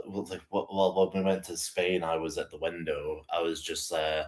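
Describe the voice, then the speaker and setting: A Scottish man with a very low, deep voice chats as a guest on an interview show. He talks in a relaxed way and pokes fun at himself with dry jokes. His voice sits right at the bottom of the male range. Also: normal speed. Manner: dry, self-mocking humour. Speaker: band member guest. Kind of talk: casual interview chat.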